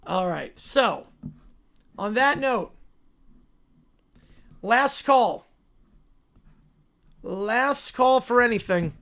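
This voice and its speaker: A man's voice: drawn-out words, creaky, long pauses. Laid-back male livestream host. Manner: relaxed, low-key, reading chat messages. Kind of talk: casual live-stream chat.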